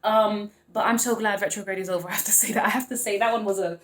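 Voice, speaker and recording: A woman's voice: medium pitch, fairly even intonation, quick pace, reverberant. A young woman doing a casual tarot reading to camera, gushing and emotional, and talking straight to her viewers. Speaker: tarot reader.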